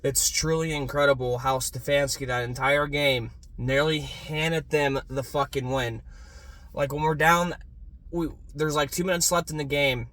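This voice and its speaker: A young man ranting in a casual sports fan vlog, swearing freely and swinging from low muttering to loud yelling. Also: fairly even intonation, measured pace.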